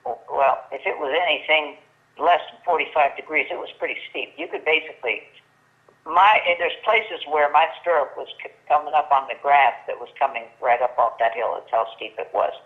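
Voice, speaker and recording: Older female guest on a phone line, animated storyteller who plays out the quotes. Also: low-pitched, moderate pace. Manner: lively storyteller acting out quoted dialogue, many restarts. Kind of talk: storytelling in casual chat. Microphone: telephone.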